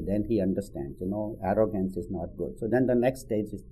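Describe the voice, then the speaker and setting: A man's voice: on the low side, brisk, hardly any pauses, warm tone, husky, poor audio. A man giving a conversational spiritual talk, telling a story with frequent "you know" asides. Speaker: spiritual teacher. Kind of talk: sermon with storytelling.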